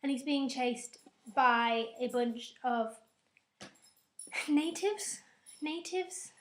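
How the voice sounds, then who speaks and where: A woman's voice: a little high, little pitch movement, takes it slowly. A young woman recapping a film at home in a casual, rambling way, with self-mocking, sarcastic asides. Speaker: video reviewer. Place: at home with her dog.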